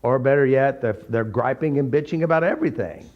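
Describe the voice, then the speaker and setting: A man giving an informal, blunt teaching talk full of jokes and animated stories. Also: mid-range voice, a little fast. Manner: blunt, joking, animated storytelling. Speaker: therapy method teacher. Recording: slightly dull recording.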